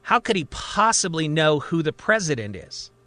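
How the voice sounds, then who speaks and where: Bright-voiced man telling a story. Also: a little high, sing-song, moderate pace, no room sound. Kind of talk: storytelling narration.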